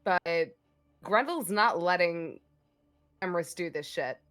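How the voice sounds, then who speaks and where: A woman playing a tabletop role-playing game, talking in an excited, rambling, profane way. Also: lowish voice, slow pace. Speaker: player. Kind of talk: tabletop game play, casual chat.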